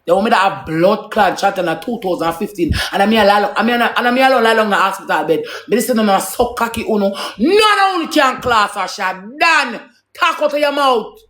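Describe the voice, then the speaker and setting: Jamaican woman ranting hot and preachy in heavy patois, profane, ordinary mid pitch. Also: expressive, fairly quick, a bit bright. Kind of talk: live rant to viewers.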